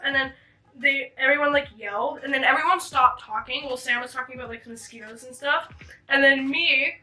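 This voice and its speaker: A woman's voice: high voice, fairly quick, sharp tone. A young woman recounting a shared story in casual, chatty talk full of "like". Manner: chatty, many "like" fillers. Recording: distant mic with music behind.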